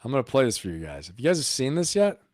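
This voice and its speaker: A man's voice: medium pitch, huge pitch swings, quick pace, darkish tone, dry recording, clean studio sound. A man hosting a live stream of political commentary, emphatic and riffing, firing off rhetorical questions.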